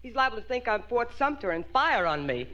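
A woman's voice: on the high side, very animated, fairly quick, a bit bright, muffled recording. An actress playing a dry, exasperated wife and mother in a 1950s radio sitcom. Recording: hissy old radio transcription.

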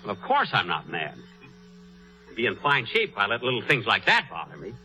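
A man hosting a 1940s radio comedy, vain and easily huffed, with drawn-out pauses. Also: lowish voice, huge pitch swings, bright, forceful tone, soft background music. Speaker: comedy show host. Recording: muffled old radio broadcast.

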